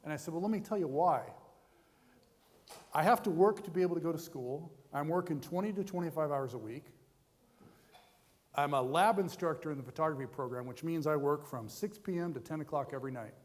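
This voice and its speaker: An American guest speaker with a voice on the high side talks a little fast, sharing his personal testimony with students in a conversational, self-deprecating manner. He is in a large chapel hall, and the recording carries long hall reverb.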